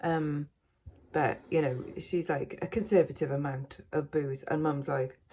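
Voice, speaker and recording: A woman's voice: low voice, fairly even intonation, measured pace, mellow, a little hiss or hum. A woman vlogging casually from home, rambling and self-mocking, with many fillers. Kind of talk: casual chat to camera.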